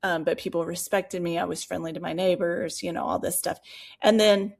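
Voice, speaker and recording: A woman co-hosting a podcast, telling a personal story in casual chat, animated and full of fillers and asides. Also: on the low side, a little fast, gravelly. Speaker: podcast co-host.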